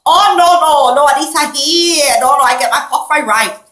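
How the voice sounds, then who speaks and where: A woman's voice: high-pitched, moderate pace, sharp tone, roomy sound, voice pushed up. A woman imitating an insistent woman with a Chinese accent, as a vlog impression. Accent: Chinese, put on. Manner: insistent, repeating.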